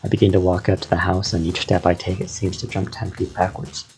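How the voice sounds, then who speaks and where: A man reading a story aloud in the first person, with a measured, descriptive delivery. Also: sits low, flat delivery, darkish tone, soft background music. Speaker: narrator.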